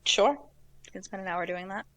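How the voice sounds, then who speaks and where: A woman running a tabletop game as game master, relaxed and hesitant, pausing often. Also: medium pitch. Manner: relaxed, hesitant, many fillers.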